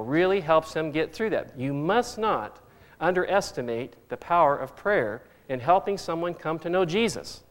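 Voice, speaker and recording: A middle-aged man preaching a sermon as pastor, earnest and fond of repeating phrases for emphasis. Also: fairly high pitch.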